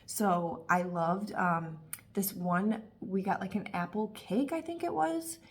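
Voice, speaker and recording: A woman in her thirties talking casually and warmly about candles, gushing and chatty with lots of fillers. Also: medium pitch, slow. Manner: gushing, emotional, talkative with frequent fillers. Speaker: candle reviewer. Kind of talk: casual review vlog.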